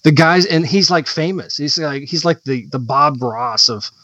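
A man's voice: fairly high pitch, moderate pace, noisy background. A man co-hosting a podcast in casual chat, rambling and searching for his words. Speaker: podcast co-host. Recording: dull, dry lo-fi podcast audio.

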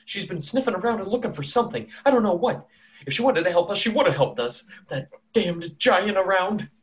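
A woman's voice: medium pitch, animated, brisk, pitched above the performer's own voice, close to an everyday voice. A man voicing a frightened village woman who sees omens everywhere. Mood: fearful.

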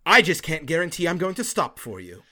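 A man's voice: on the high side, big pitch swings, fairly quick, pushed and bright, pitched above the performer's own voice, heavily acted. Man doing female ship captain, commanding, stubborn, tabletop game.

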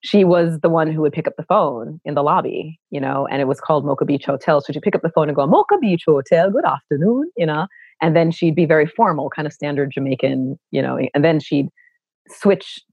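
Woman, middle-aged, from Brooklyn, contralto, animated storyteller, interview guest, dry dull call audio. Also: fairly quick, no echo. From Brooklyn, New York. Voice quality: low contralto voice. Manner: expressive, animated storyteller who acts out quoted voices. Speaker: guest, actor and educator.

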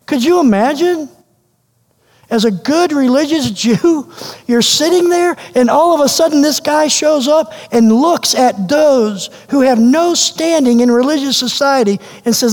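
A man preaching a sermon as pastor, animated and questioning, repeating phrases for emphasis. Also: extremely high pitch, moderate pace. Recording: long hall reverb.

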